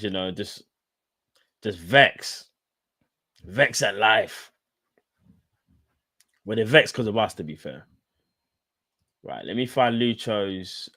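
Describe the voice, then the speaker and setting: A man's voice: lowish voice, a bit bright, no room sound, studio quality. A man hosting a live fan stream, talking casually and in slang straight to his chat. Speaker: fan channel host.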